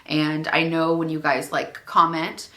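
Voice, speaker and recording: A woman's voice: sits low, monotone, a little slow, bright, forceful tone. A young woman vlogging alone in her room, rambling casually and saying "like" constantly as she gives self-help tips to her viewers. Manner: rambling, heavy use of "like". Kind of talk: chatty self-help vlog. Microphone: camera.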